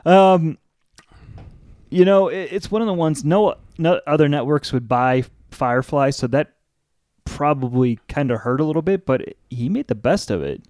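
A man's voice: on the high side, expressive, normal speed, darkish tone, dry recording, clean studio sound. A man co-hosting a podcast in casual chat, eager and laughing, chiming in with bits of trivia. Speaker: podcast co-host.

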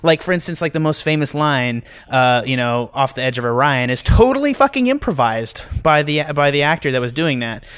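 A man's voice: fairly high pitch, lively intonation, a little fast, hardly any pauses, fairly bright tone, smooth, no room sound. A man co-hosting a podcast in casual film review chat, talking in long rambling runs with many restarts. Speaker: podcast co-host.

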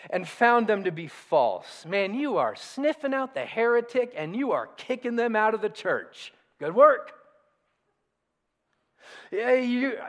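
Animated high-voiced preacher in a reverberant hall. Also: male voice. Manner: animated, conversational preaching with emphatic repetition. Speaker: pastor. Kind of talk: sermon.

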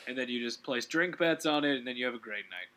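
A man hosting a relaxed gaming commentary, rambling and correcting himself as he talks, with quick laughs. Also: mid-range voice. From Canada. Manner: rambling, self-correcting, giggly. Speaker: let's play host.

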